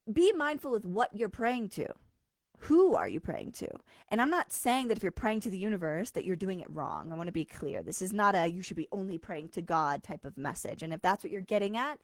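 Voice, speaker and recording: In a live-streamed talk, a woman working as a spiritual coach speaks in a mid-range voice with no room sound. She's casual, blunt and emphatic, swearing now and then and repeatedly checking in with listeners by asking "okay?"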